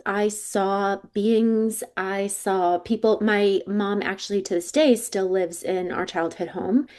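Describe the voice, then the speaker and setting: In an interview, a psychic coach in her forties tells her life story in a casual, chatty way with a mid-range voice. She slips into lively voices whenever she quotes other people.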